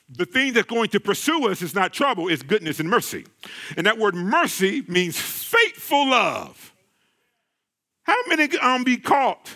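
Black preacher man, high bright voice, swoops all over, calls out to the crowd. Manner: call-and-response, exclaiming, repeating phrases. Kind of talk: sermon.

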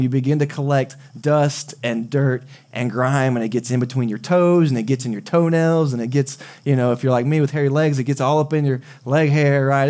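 A male pastor preaching a sermon in a relaxed, conversational way, often asking the congregation questions. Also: fairly high pitch. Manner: conversational, asks the audience questions.

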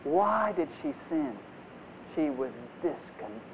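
A man preaching a conversational, animated sermon, acting out the voices in his stories, in a dull lo-fi recording. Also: a little high, slow. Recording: dull lo-fi recording, faint noise.

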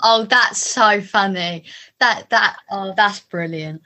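A young woman co-hosting a podcast, playful and quick to laugh and riff on jokes. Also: mid-range voice, sharp tone. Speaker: podcast co-host. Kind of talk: casual chat.

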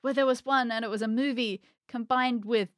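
A woman's voice: fairly high pitch, fairly even intonation, fairly quick, no echo, clean studio sound. An Australian woman co-hosting a podcast, chatting casually, laughing often and thinking aloud. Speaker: podcast co-host. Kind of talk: casual chat.

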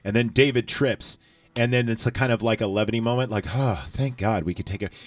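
A man's voice: mid-range voice, brisk, no room sound. A man hosting a casual movie recap chat, rambling with lots of fillers and profanity. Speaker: podcast host.

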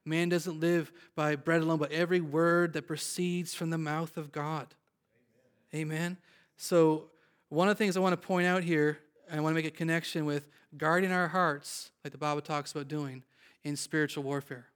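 A man's voice: a little high, little pitch movement, normal speed, clean tone. Man preaching a fervent sermon. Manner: preaching with rising emphasis, calling out to the congregation. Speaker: pastor.

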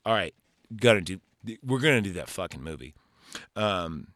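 A male podcast host giving a rambling, profane, animated casual recap of a movie. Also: sits low, moderate pace, dry recording, clean studio sound.

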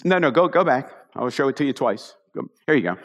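Lively preacher in a reverberant hall. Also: male voice, medium pitch, brisk. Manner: animated storytelling with asides to the congregation. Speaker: pastor. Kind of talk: conversational sermon.

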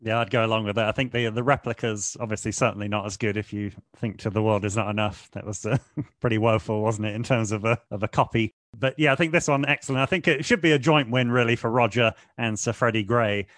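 A man's voice: lowish voice, fast talker, fairly bright tone, no room sound. Easygoing guy hosting a film pod, dry dead room sound. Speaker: film podcast host. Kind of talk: casual film review chat.

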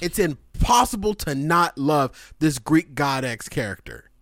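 A man co-hosting a podcast, telling stories in an excited casual chat with frequent swearing and laughter. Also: on the high side, unhurried, no room sound, studio quality. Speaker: podcast co-host.

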